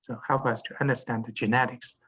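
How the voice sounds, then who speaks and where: A male university lecturer explains course material in a halting way, pausing often on fillers and restarting his sentences. His voice sits at an ordinary middle pitch. The recording is dull and lo-fi. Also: level tone, fairly bright tone, breathy edge. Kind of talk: classroom lecture.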